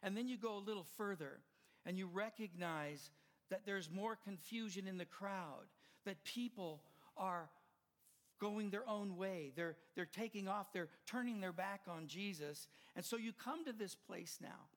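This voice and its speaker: An older man preaching a sermon as pastor, impassioned and swelling louder at the climaxes. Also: high-pitched, a little slow.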